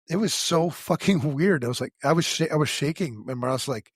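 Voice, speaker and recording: A middle-aged man with a husky, slightly breathy voice tells his own story on a podcast. He talks bluntly and swears freely, plain and frank about his struggles. The sound is close and dry, with no room around it. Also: medium pitch, brisk, hardly any pauses, no room sound. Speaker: podcast co-host. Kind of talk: candid personal storytelling.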